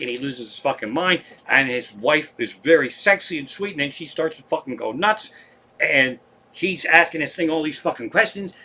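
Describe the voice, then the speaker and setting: A man's voice: a little high, bright, forceful tone, slightly rough. A man hosting a comedy live stream from home, telling rambling, profane stories in casual chat.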